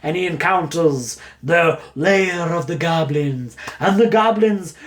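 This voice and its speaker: A man casually recommending books, rambling and jokey, getting animated as he retells a story. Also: fairly high pitch, slow pace. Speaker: book reviewer. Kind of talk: casual book recommendation talk.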